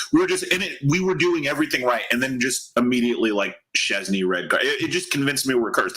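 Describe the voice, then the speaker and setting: A man co-hosting a podcast, telling jokey, animated stories in casual chat. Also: medium pitch, slightly rough, rough recording. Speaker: podcast co-host.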